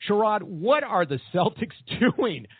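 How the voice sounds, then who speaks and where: A man hosting a sports podcast, chatting with upbeat, animated optimism. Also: high-pitched, a little slow, slightly rough, no echo. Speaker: podcast host. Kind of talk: casual sports chat. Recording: tinny phone-like sound.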